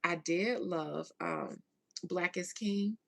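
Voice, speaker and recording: A woman hosting a casual livestream chat, reading viewer comments, slangy and animated, laughing often. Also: fairly low pitch, takes it slowly, creaky.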